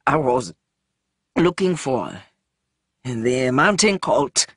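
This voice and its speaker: A man's voice: mid-range voice, sing-song, extremely slow, a bit bright, slightly rough, dry recording, studio quality, voice pushed down, heavily acted. A narrator voicing a frightened young man trapped in a cage, who pleads desperately and halts between words. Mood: desperate, pleading.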